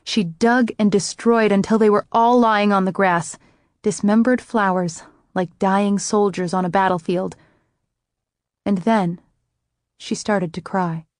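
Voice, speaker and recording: A woman's voice: mid-range voice, fairly even intonation, unhurried, darkish tone, no echo, clean studio sound. Woman narrating a romance audiobook.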